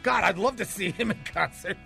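A man's voice: high-pitched, brisk, vocal fry, pushed and bright, faint music behind. A man co-hosting a morning radio show, teasing and joking with his partner. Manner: teasing, joking, dry asides. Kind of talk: casual morning radio banter.

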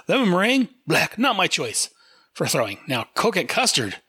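A jittery clownish villain squeaks and stammers in a high, bright voice, as a man acts him out. The sound is close and dry. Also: huge pitch swings, normal speed, breathy edge, no room sound, full character voice. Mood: goofy. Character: panicky clownish male villain pleading innocence.

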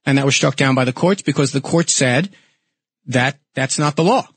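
A middle-aged man with a New York accent hosting a talk radio call-in show, arguing his points forcefully. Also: medium pitch, moderate pace, breathy edge, dry recording. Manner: forceful, argumentative explaining.

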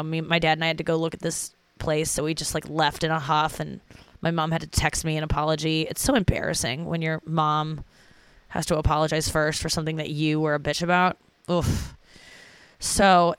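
A woman's voice: low-pitched, fairly bright tone, clean tone, dry recording. A young woman talking candidly from her bed after crying, rambling and mocking herself. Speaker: vlogger. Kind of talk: confessional casual talk to camera. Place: in bed at home.

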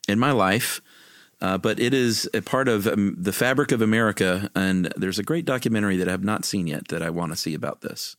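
Man, very low voice, podcast co-host, relaxed casual chat, dry sound. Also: fairly quick, no echo. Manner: easygoing, relaxed storyteller with fillers.

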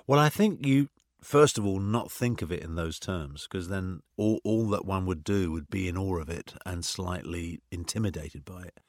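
A middle-aged man, an actor, talking in an interview in an animated, anecdotal way full of "you know" asides. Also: sits low, normal speed, no echo, studio quality. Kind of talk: conversational interview.

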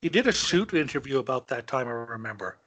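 A man's voice: mid-range voice, very animated, quick pace, fairly bright tone, husky. A man co-hosting a casual talk podcast, joking and loose, often tossing in "dude" and "brother". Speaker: podcast co-host. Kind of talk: casual chat.

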